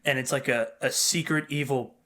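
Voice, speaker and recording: A young man co-hosting a podcast in casual chat, telling animated stories and breaking into sudden shouted impressions. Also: medium pitch, normal speed. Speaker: podcast co-host.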